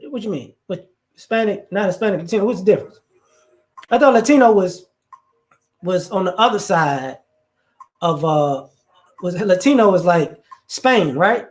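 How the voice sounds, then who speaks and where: A man from the United States who hosts a casual opinion talk with his live chat, animated and joking, with rambling asides. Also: high voice. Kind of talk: casual commentary.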